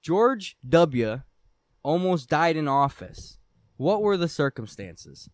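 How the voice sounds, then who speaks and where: Man, quizmaster, casual trivia game, lively up-and-down voice, dry close sound. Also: fairly high pitch, slow, dry recording. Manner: lively, swearing, laughing.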